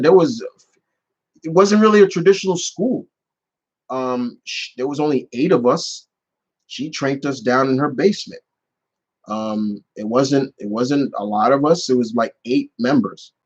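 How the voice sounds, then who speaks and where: Male streamer host, casual rambling storyteller, mid pitch, slightly muffled audio. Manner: rambling storyteller with many restarts and fillers. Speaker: channel host answering live questions. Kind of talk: casual live Q&A chat.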